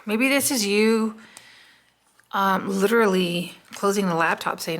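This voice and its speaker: A woman's voice: mid-range voice, measured pace, fairly bright tone. A woman doing a casual, chatty tarot reading, musing aloud with many "um" fillers. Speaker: tarot card reader.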